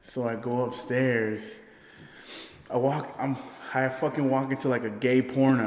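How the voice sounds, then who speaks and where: A man co-hosting a podcast tells a loud, profane party story, laughing as he goes and acting out what his friends said. His voice sits at an ordinary pitch. The room is echoey, with a long reverb trailing each line. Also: steady tone, measured pace, a little hiss or hum. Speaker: podcast co-host. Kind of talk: casual storytelling chat. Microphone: podcast microphone.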